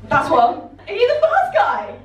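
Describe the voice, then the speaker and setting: A woman's voice: very high voice, wildly swooping pitch, measured pace, muffled recording. A young woman, a comedian, chatting in a casual vlog and teasing an audience with playful crowd work, laughing often. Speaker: stand-up comedian and vlogger. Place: small comedy venue with an audience. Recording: echoey room, far from mic, crowd noise.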